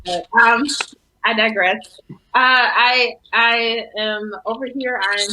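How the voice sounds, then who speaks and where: A woman's voice: a little high, steady tone, takes it slowly, pushed and bright, slight background noise, low-quality recording. A young woman on a video call, emotional and near tears, rambling as she searches for words. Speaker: guest performer. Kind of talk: casual interview chat.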